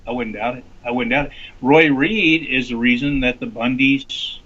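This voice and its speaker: A man's voice: medium pitch, moderate pace. Man telling a story over lo-fi audio. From Arkansas. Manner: animated storytelling with many restarts. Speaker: congressional candidate. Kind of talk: casual interview talk. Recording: lo-fi dull audio.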